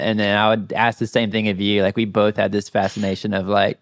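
A man with a Southern US accent hosts a podcast in easygoing chat. His voice sits on the low side, and he rambles with plenty of filler words. The sound is dry and close. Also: flat delivery, a little fast, no room sound. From southern United States. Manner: friendly, rambling, many "like" fillers. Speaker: podcast host. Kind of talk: casual conversation.

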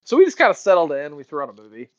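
A man co-hosting a book podcast in a casual chat, telling animated stories with lots of laughs and restarts. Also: a little high, very fast. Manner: animated storyteller, laughs often, trails off into restarts. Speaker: podcast co-host. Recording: dull lo-fi sound.

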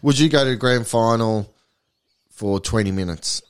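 A man co-hosting a podcast in relaxed banter. He pushes the others with pointed questions and laughs along with their jokes. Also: medium pitch, normal speed, clear, resonant tone. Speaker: podcast co-host. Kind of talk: casual banter.

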